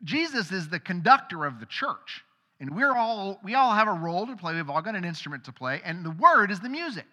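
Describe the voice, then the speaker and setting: A man's voice: sits high, very animated, a little fast, bright, forceful tone, big-room sound. A male pastor giving a sermon in a conversational way, acting out the voices of people in the stories he tells. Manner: conversational, acts out quoted voices.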